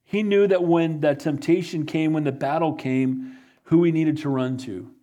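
Male pastor, sermon delivery, slightly high voice, fervent rising emphasis. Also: steady tone, normal speed, dark tone. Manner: preaches with rising, fervent emphasis and repeated "Amen?".

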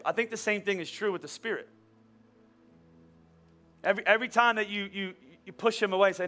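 A man in his forties preaching a sermon as a pastor, animated and storytelling with playful humor. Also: sits high, fairly quick, long pauses, soft background music. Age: 40s. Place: church. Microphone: wearing a microphone.

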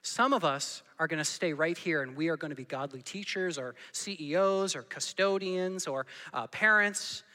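A man's voice: on the high side, moderate pace, hardly any pauses, pushed and bright, long reverb tail. A man preaching a sermon to his congregation, earnest and full of questions put to the room. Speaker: pastor. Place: church hall.

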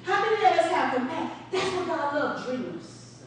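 Woman preacher, chatty storytelling sermon with questions to the room, high voice heard from afar in a reverberant sanctuary with faint hiss. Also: animated, normal speed, distant mic. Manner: storytelling, asks the congregation questions, laughs often. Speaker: preacher addressing a congregation. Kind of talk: conversational sermon. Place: church sanctuary.

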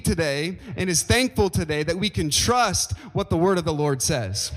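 A man preaching in a church with a slightly high voice that rings out across a big reverberant hall. He delivers his sermon emphatically and keeps turning to the congregation with questions and calls to respond. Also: lively intonation, normal speed, hardly any pauses. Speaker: pastor. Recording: long reverb of a large hall.

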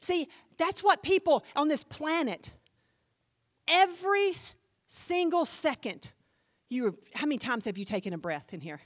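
A woman pastor preaching a sermon in an animated, emphatic way, speaking directly to her congregation. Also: high-pitched, measured pace.

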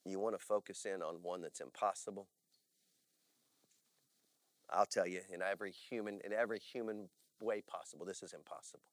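A male pastor preaching a sermon, telling stories in an animated way and often checking in with "all right?". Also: deep voice, fairly quick, long pauses, no room sound, clean studio sound. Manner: animated storytelling with frequent "all right?" asides.

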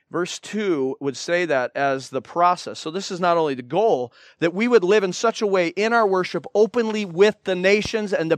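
An animated man delivers a sermon in a voice pitched a bit higher than most men's. The sound is dry and close, with little room echo. He slips into other people's voices as he tells stories. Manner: lively and animated, acting out voices in anecdotes. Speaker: pastor.

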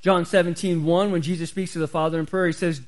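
A male pastor delivering a sermon in a fairly high-pitched voice. He is emphatic and repeats key phrases to drive them home. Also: little pitch movement, quick pace, rough recording.

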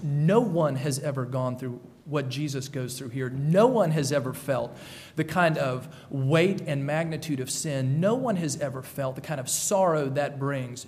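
A man's voice: medium pitch, long reverb tail. A man delivering an earnest sermon as a pastor, repeating key phrases for emphasis.

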